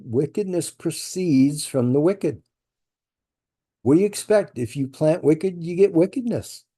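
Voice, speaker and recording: A man's voice: fairly high pitch, mellow. A man teaching a verse-by-verse Bible study, thinking aloud with rhetorical questions and folksy asides.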